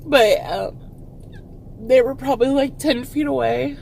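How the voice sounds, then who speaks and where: A young woman from Texas, a vlogger, telling a personal story with halting fillers and nervous laughs, close to tears. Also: high voice, gravelly, a little mellow, a little hiss or hum. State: tearful, close to crying.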